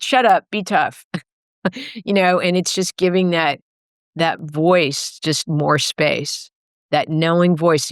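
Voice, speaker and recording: A woman's voice: low voice, no echo, studio quality. Earnest rambling woman author. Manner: earnest, rambling with self-corrections. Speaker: guest author. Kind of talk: reflective interview talk. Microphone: remote call microphone.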